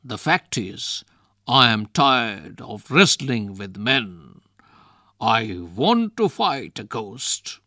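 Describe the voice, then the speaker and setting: A brash young wrestler, put on by a male storyteller, taunts in a loud, drawn-out jeer. His pitch leaps up and down as he mocks, and the sound is dry and close. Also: very animated, dry recording, heavily acted. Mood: bored mocking.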